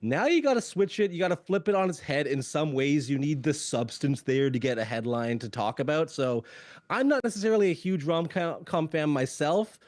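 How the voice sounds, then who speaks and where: A man's voice: on the high side, animated, moderate pace, darkish tone, dry recording. Wry man telling a concert story. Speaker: panel guest. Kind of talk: casual storytelling chat.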